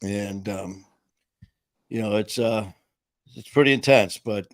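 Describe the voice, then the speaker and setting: A man's voice: fairly low pitch, takes it slowly, dry recording, studio quality. A man hosting a casual live-stream chat, rambling and jokey, acting out quotes as he tells stories. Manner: jokey, rambling storyteller who acts out quotes. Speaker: host.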